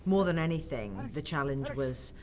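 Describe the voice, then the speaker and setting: An English actress in her forties chatting in an interview, telling stories with animated acted-out quotes. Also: a bass voice, normal speed. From England. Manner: animated storyteller, acts out quotes. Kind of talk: casual interview chat. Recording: faint background noise.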